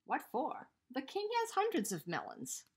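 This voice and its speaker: A woman reading a storybook aloud, voicing a doubtful, quick-tempered male hippo who talks loud and scoffing. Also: high-pitched, wildly swooping pitch, full character voice.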